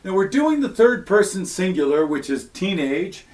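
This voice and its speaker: A man's voice: high-pitched, sing-song, normal speed, darkish tone. A man teaching a Latin grammar lesson, explaining step by step in a patient way, with frequent fillers between points. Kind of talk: recorded classroom lesson.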